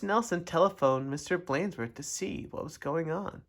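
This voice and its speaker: A man reading a children's storybook aloud in an expressive, animated way. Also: on the high side, normal speed, hardly any pauses. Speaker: storybook reader.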